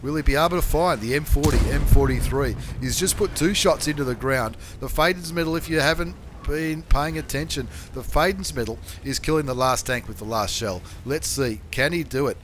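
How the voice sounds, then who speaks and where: A man hosting a game channel, commentating replays in a chatty, slangy way and bursting into excited shouts and swearing. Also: fairly high pitch, fairly quick, slight background noise.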